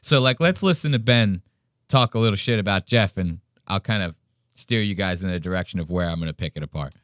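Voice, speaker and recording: A man hosting a podcast, mocking a clip with profane, animated reaction commentary. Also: sits low, fairly quick, no echo, clean studio sound. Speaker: podcast host.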